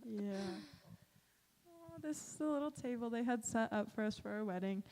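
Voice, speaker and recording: A woman's voice: a little high, lively intonation, normal speed, a little mellow. Bubbly, giggly woman in a reverberant hall. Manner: bubbly, giggly, uses "like" and "literally". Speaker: mission trip presenter. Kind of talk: casual slideshow presentation. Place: church sanctuary.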